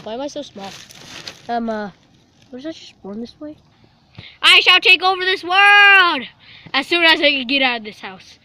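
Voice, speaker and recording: A woman's voice: high voice, animated, moderate pace, long pauses, sharp tone, a little hiss or hum, heavily acted. A woman voicing a scheming house cat who boasts grandly about ruling the world in a playful home video. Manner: grandiose villain boasting, easily distracted.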